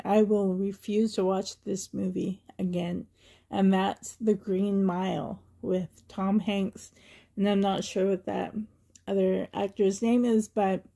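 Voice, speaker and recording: A woman's voice: mid-range voice, creaky, dark tone. A woman from Canada vlogging in a chatty, rambling way, often laughing and getting emotional. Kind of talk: casual chatty tag video.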